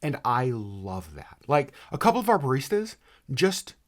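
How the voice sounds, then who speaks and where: Man co-hosting, rambling and animated. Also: medium pitch, normal speed. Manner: rambling, animated storytelling with restarts. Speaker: podcast co-host. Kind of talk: casual chat. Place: home podcast setup in Alaska.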